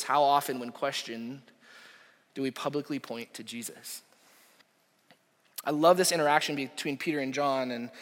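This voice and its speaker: A young adult man, a pastor preaching a sermon, impassioned, rising to loud peaks and dropping to near whispers. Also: medium pitch. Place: church auditorium. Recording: echoey hall reverb.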